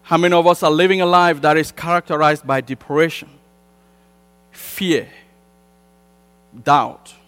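A man with a high voice preaches to a congregation, building his points through repetition and pushing them out in emphatic surges. English is not his first language. His voice rings through a church hall with a long tail of reverb, and mains hum runs underneath. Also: fairly even intonation, unhurried, pauses often, fairly bright tone, clear, resonant tone. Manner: emphatic, repetitive preaching cadence with rising bursts. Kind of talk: sermon.

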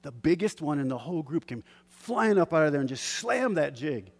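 A man telling a personal fishing story in a lively, animated way, acting out shouts and gasps. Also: a little high, normal speed. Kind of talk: casual spoken story. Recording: hall with long reverb.

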